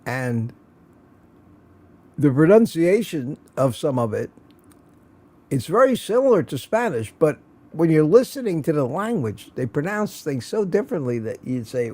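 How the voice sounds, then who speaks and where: An older man chats slowly through a morning livestream, calling out viewers by name and poking fun at himself. His voice is a touch high for a man and mellow in tone, and it swings up and down a lot as he talks. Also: very animated. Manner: chatty, self-mocking, greets viewers by name. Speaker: livestream host. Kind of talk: casual morning chat greeting live viewers.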